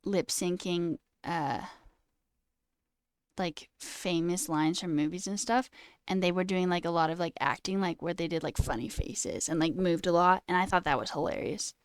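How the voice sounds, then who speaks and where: In studio-quality audio with no room sound, a woman speaks at normal speed in a fairly low, clean-toned voice. She's a twenty-something coding livestreamer chatting casually as she reads stream chat, prone to animated rants, lots of "like" and swearing.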